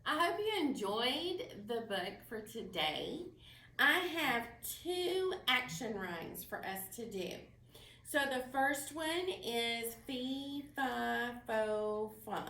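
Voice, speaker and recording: Slow sing-song woman reading to toddlers. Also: a little high, lively intonation, bright, forceful tone, reverberant, far from the mic. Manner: slow, sing-song, clearly enunciated for little children. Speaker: children's librarian. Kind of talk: storytime read-aloud and action rhymes for toddlers.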